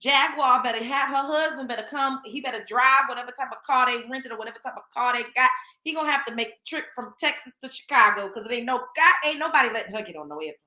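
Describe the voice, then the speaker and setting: High bright animated woman commentator. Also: quick pace, echoey room. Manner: animated, slangy, laughs often. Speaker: show host. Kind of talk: casual commentary.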